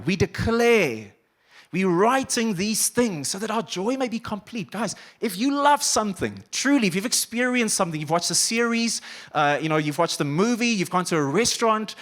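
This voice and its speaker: A man preaching a sermon as pastor, animated, acting out quoted voices and dropping to quiet intensity. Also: high voice. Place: church auditorium.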